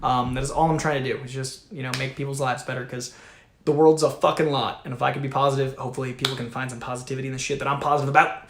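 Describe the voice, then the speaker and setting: A man hosting a livestream, reading viewer super chats aloud in an energetic, profane, chatty way. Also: medium pitch, racing, a little hiss or hum. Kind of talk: casual livestream chat. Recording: echoey room.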